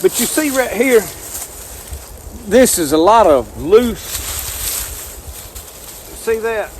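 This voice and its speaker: A man's voice: high-pitched, very animated, takes it slowly, a little mellow, a little hiss or hum. A man, rambling folksy as he talks to the viewer through a camera mic outdoors in the woods. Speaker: outdoor vlogger. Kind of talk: casual outdoor demonstration. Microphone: handheld camera mic.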